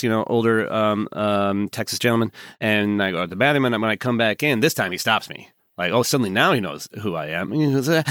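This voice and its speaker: A man co-hosting a podcast, telling stories in a casual, halting way full of fillers. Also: lowish voice, fairly bright tone, dry recording, studio quality. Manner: meandering, halting with many fillers. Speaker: podcast co-host. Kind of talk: casual chat.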